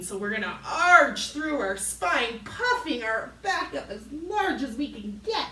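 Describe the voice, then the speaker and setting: A woman's voice: high voice, bright, forceful tone, far from the mic. A woman leading a children's yoga class, playful and encouraging, making animal sounds for the kids. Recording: roomy echo, voice from off mic.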